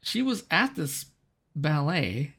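A podcast co-host with a gravelly, fry-tinged voice at an ordinary mid pitch. They talk through a TV episode in a loose, chatty way, laughing often and swearing casually. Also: big pitch swings, takes it slowly, fairly bright tone. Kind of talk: casual chat recapping a TV episode.

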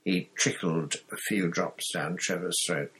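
Brief: low male audiobook narrator, measured. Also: steady tone, a bit bright, husky. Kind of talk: audiobook reading.

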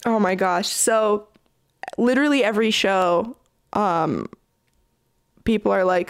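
A woman's voice: medium pitch, measured pace, dry recording, clean studio sound. A young woman from Canada, a touring musician, telling stories in a casual interview with lots of fillers. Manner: chatty, animated storyteller with many fillers.

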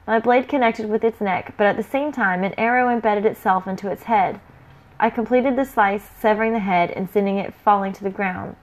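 A woman reading a first-person fantasy adventure story aloud in a lively, playful way. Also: mid-range voice, fairly quick.

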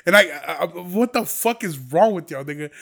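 High, bright-voiced man ranting profanely. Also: expressive, normal speed, gravelly. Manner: profane, heated and rambling. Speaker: podcast host. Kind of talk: casual ranting monologue.

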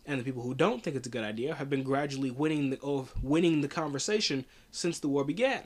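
A man's voice: medium pitch, fast, darkish tone. A man hosting a podcast, giving casual political commentary in a blunt, profane way with frequent restarts. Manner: blunt, profane, laughs often, restarts a lot. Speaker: podcast host.

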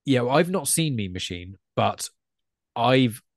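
A man's voice: medium pitch, very animated, unhurried, no echo. Chatty English man, dry close mic. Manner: chatty, rambling, self-correcting. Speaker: podcast guest. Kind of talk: casual podcast chat.

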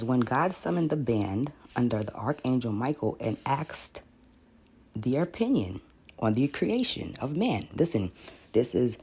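A man's voice: medium pitch, mellow, husky. A man teaching on a podcast in a casual, rambling way, often repeating words and reading passages aloud.

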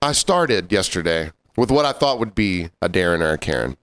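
A man's voice: sits low, big pitch swings, a little fast, a bit bright, clean tone. A man co-hosting a podcast, laid-back in casual chat, chiming in with short agreements and then telling his own work story. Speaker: podcast co-host.

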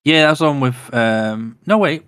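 A relaxed man chatting on a podcast, swearing casually and correcting himself mid-thought. His voice sits at a mid pitch. The recording is dry and close. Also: normal speed, smooth, no room sound. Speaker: podcast co-host. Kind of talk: casual chat.

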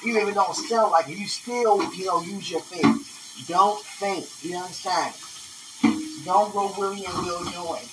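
A woman's voice: fairly low pitch, unhurried, background noise. A woman hosting a podcast, talking in a rambling, emotional way and laughing often as she speaks to someone who isn't there. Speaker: podcast host. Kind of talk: casual spoken monologue.

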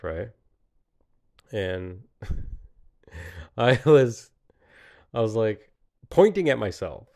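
A man's voice: low-pitched, a little mellow. A man in his late thirties in a rambling, reflective solo monologue, often laughing at himself. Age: 30s. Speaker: podcaster.

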